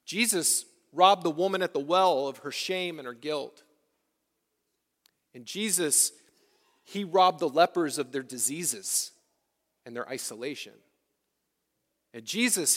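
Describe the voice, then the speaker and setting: A man's voice: a little high, animated, a little slow, pauses often, a bit bright. A man preaching a sermon as pastor of his church, repeating lines and asking the congregation questions. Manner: preaching with rhetorical questions and repetition. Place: church sanctuary. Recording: long reverb of a church hall.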